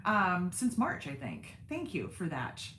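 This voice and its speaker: A woman's voice: fairly low pitch, wildly swooping pitch, a little slow, a bit bright, roomy sound, slight background noise. A woman hosting a casual livestream, chatting with her viewers by name in a self-deprecating way. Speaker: sewing channel host on a livestream.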